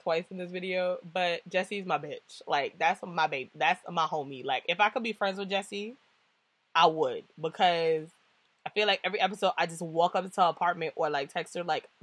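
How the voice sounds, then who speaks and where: A young woman from the New York–New Jersey area reviewing a TV show in a casual vlog, slangy and animated, often laughing and acting out what others said. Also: lowish voice, dry recording. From New York–New Jersey tri-state area.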